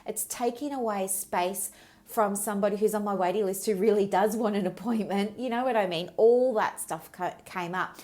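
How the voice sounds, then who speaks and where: Speaking at a normal pace with a mid-range, darkish voice, a middle-aged woman runs a solo podcast as host and business mentor. Her story from her practice comes out frank and talkative, with frequent digressions.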